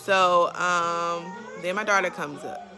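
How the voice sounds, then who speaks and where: A woman's voice: on the low side, slow, over music. A young woman, talking candidly in a casual faith vlog about motherhood, with lots of "like" and "you know.". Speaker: vlogger sharing faith and motherhood.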